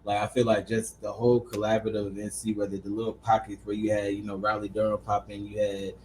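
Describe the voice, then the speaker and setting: A man's voice: on the low side, monotone, quick pace, darkish tone, slight background noise, low-quality recording. A man from North Carolina with a Southern accent, hosting a podcast in a laid-back chat and laughing easily. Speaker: podcast host. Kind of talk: casual interview chat.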